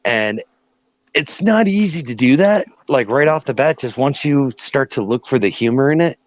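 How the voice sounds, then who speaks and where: A man's voice: mid-range voice, expressive, moderate pace, no room sound. A man joking casually in an online voice chat, with many fillers. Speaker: participant on a live audio chat. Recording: dry, slightly dull audio.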